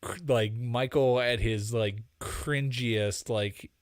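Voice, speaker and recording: A man co-hosting a chatty podcast, his pitch sitting squarely mid-range as he rambles along and chuckles between thoughts. The sound is close and dry, with no room around it. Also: fairly even intonation, slow, no echo. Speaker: podcast co-host. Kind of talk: casual chat.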